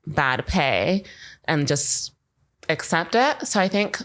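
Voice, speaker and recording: A woman's voice: sits low, animated, slow, fairly bright tone. A young woman co-hosting a marketing podcast, chatting casually and rambling, filling her talk with "like". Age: young adult. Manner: chatty, rambling, uses "like" constantly. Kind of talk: casual chat.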